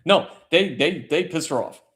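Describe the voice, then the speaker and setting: A man's voice: on the high side, lively intonation, normal speed, a bit bright. A man hosting a casual late-night chat stream, telling a long story in a rambling, profane way. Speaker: livestream host; military service member.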